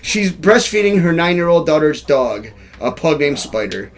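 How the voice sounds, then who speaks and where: A man's voice: a little high, big pitch swings, normal speed. A young man hosting a live web show, reading odd news stories and riffing on them crudely with frequent laughter. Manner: laughs often, rambling and irreverent. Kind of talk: loose crude comedic news chat.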